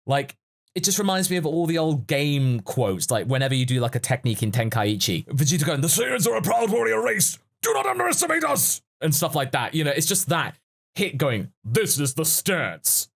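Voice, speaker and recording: A man hosting a casual podcast discussion, musing and analytical in a chatty way. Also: medium pitch. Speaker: podcast host.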